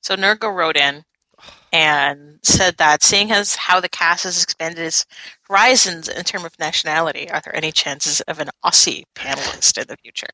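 A woman's voice: sits low, normal speed, pushed and bright, no echo, rough recording. A woman co-hosting a casual gaming podcast, wryly reading out listener mail. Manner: wry, reads listener mail. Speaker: podcast co-host.

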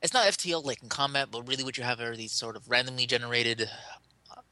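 A man's voice: medium pitch, quick pace, pushed and bright. A man co-hosting a podcast, chatting casually about games in a rambling, enthusiastic way and often correcting himself. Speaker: podcast co-host.

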